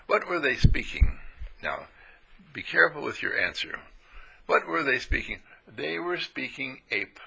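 A man preaching a folksy spiritual sermon, animated and playful, swooping into high voices for sheep and characters. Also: measured pace, creaky, breathy edge, low-quality recording.

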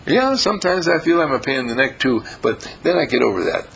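A man voicing a gushing, endlessly affectionate woman visitor who talks in effusive, sing-song flattery. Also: medium pitch, fast talker, vocal fry, breathy edge, heavily acted, low-quality recording.

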